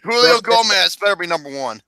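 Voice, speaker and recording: A man co-hosting a casual podcast, loud and excitable, laughing often and swearing freely. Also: sits high, fairly quick, a crowd in the background, rough recording. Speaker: podcast co-host.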